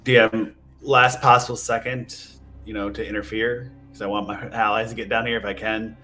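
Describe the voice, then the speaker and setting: Low, bright-voiced male player. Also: little pitch movement, moderate pace, slight background noise. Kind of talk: casual tabletop game talk.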